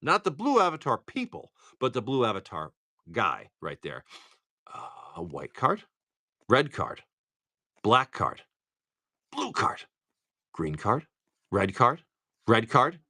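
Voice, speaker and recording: Lively Massachusetts man calling out cards. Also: fairly low pitch, no echo, studio quality. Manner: rattles off cards in quick lists, joking asides. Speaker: live stream card pack opener. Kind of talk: casual live commentary.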